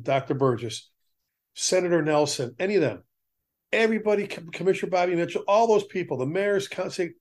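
A middle-aged man with a fairly high voice, hosting a fire service talk show. He tells stories in casual chat and acts out the voices of the people he quotes with lots of life. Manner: animated storyteller acting out quoted voices. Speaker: fire service podcast host.

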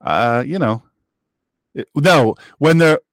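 A man hosts a political talk show, delivering an opinionated, rambling monologue in which he repeats phrases for emphasis and reads listener chat messages aloud. His voice is a little high and animated, though his pace is slow. The sound is studio quality, with no room sound.

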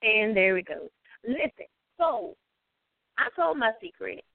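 A woman's voice: on the high side, measured pace, creaky, no room sound. Drawling Southern woman, phone-like sound. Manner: animated, drawling storyteller. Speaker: guest. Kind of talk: casual chat.

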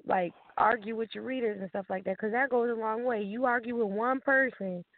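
A woman's voice: fairly high pitch, brisk. A woman author telling stories in a casual interview, laughing often and acting out what people said. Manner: animated storyteller, laughs often, acts out quotes. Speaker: guest author. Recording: dry tinny phone line.

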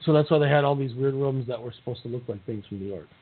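A man's voice: medium pitch, quick pace, husky. A man co-hosting a podcast, recapping a reality show in a joking, rambling way. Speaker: podcast co-host. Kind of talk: casual recap chat. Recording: tinny phone-like sound.

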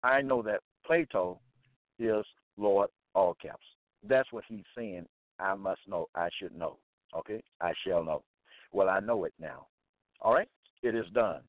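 A man preaching and reading Bible verses aloud, repeating phrases emphatically and deliberately. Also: low-pitched, dry recording. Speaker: Bible teacher. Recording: dry tinny phone-like sound.

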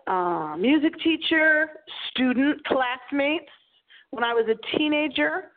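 Tinny dramatic woman radio host. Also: on the high side. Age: 40s. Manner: dramatic, breathy storytelling delivery. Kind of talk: dramatic paranormal radio monologue. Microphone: small microphone. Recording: tinny phone-like audio.

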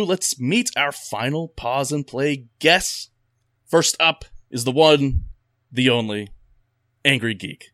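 Bright-voiced man hosting a comedy podcast. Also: medium pitch, lively intonation, slow, no room sound, faint music behind. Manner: dry, mock-grand introductions. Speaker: podcast host. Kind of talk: casual comedic podcast banter.

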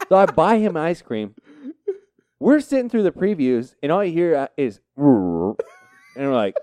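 A man's voice: fairly high pitch, sing-song, moderate pace, darkish tone, dry recording. A middle-aged man with a Texan accent tells a funny story among friends, laughing and acting out other people's lines. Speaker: podcast co-host.

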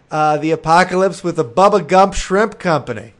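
A man from Milwaukee hosts a relaxed podcast conversation. His voice sits a little high, and he rambles and jokes, filling gaps with "um" and "like". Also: brisk. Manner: joking, rambling with fillers. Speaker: podcast host. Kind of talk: casual chat.

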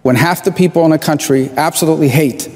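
A man's voice: on the high side, quick pace, darkish tone. A man giving an impassioned floor speech, played back from an archive recording. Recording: archive speech in a large echoey chamber.

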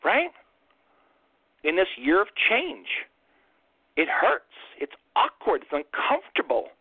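A man's voice: sits high, sing-song, slow, creaky, slightly rough, no echo. A man hosting an impassioned political monologue, ranting fiercely and firing off rhetorical questions, over a tinny phone-like line. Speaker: host.

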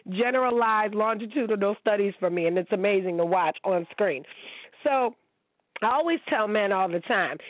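A woman's voice: mid-range voice, no room sound. Blunt, profane woman ranting on a tinny line. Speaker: host. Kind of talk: casual ranting commentary. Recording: tinny phone-like sound, dry.

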